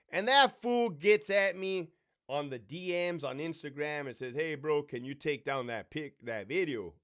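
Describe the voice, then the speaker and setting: A middle-aged man hosting a live Q&A, telling stories in a brash, profane way and mimicking the people in them. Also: a little high. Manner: brash, swearing, animated storyteller mimicking others. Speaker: livestream host.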